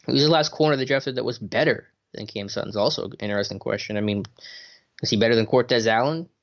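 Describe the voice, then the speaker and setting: A man co-hosting a casual sports talk podcast, relaxed, thinking aloud with fillers as he answers questions. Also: medium pitch, fast, gravelly. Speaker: podcast co-host. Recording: dull lo-fi audio.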